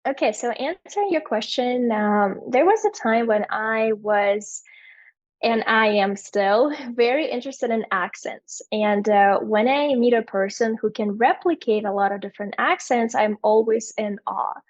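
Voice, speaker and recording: A young Russian woman with a fairly high voice chats easily in English, her accent leaning American. The sound is dull and dry, like a video call with no room around it. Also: unhurried, dry recording. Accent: American-leaning English learned as a second language. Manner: chatty, laughs often, many fillers. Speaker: English teacher, guest. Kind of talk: casual interview chat.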